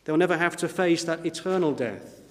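A man preaching a sermon in an earnest style, slowing down whenever he quotes scripture. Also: on the high side, in a large hall. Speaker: pastor. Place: church.

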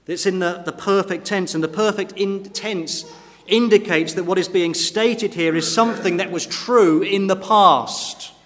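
Earnest high-voiced preacher in a reverberant church. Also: male voice, fairly bright tone. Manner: earnest, emphatic preaching, rising in force at key points. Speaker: pastor. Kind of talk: sermon. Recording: long reverb of a church hall.

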